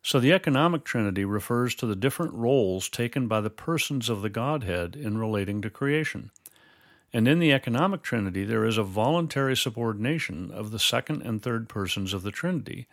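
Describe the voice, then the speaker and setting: A man teaching Bible doctrine in a measured, explanatory way, quoting scripture formally. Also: on the low side, lively intonation, fairly bright tone, no room sound, studio quality. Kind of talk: scripted theological dialogue.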